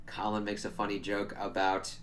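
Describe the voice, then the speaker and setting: A man's voice: fairly low pitch, monotone, normal speed, a bit bright, slight background noise. A man giving a casual, chatty spoiler recap of a TV episode, swearing freely and laughing as he retells scenes. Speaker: show reviewer.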